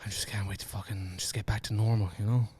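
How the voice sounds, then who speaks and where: An Irish man co-hosting a podcast, chatting casually, swearing freely and telling stories with lively put-on voices. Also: fairly low pitch, fast, breathy edge, no echo. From Ireland. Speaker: podcast co-host. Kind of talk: casual chat.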